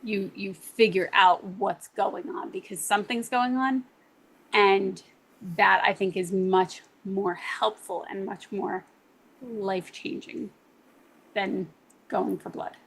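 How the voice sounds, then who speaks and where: A woman speaks earnestly in a casual group discussion. Her voice sits in a middle pitch, and she talks about how she has changed. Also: fairly even intonation, slow pace, breathy edge, low-quality recording.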